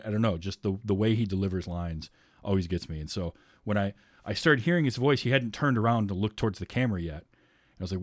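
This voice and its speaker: Deep-voiced and recorded dry with clean studio sound, this man hosts a podcast where he and his friends talk casually about a film. He laughs often and throws in sarcastic remarks.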